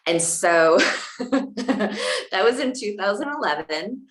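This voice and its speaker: A woman, an herbalist, answering interview questions in a calm, measured, reflective way. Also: mid-range voice. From New York, USA. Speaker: herbalist guest. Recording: echoey room.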